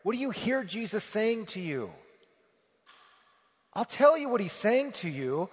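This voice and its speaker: A man's voice: high-pitched, sing-song, unhurried, long pauses, breathy edge, long reverb tail. A male pastor giving a conversational sermon, full of rhetorical questions and repetition.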